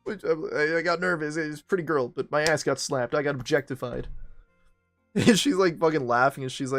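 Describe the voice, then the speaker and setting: A young man's voice sitting a touch high for a guy, loose and profane as he rambles through an anecdote while streaming a game. He keeps laughing at himself between run-on sentences. Faint game music hums quietly underneath. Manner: rambling, profane, self-mocking, quick laughs. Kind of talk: casual storytelling while gaming.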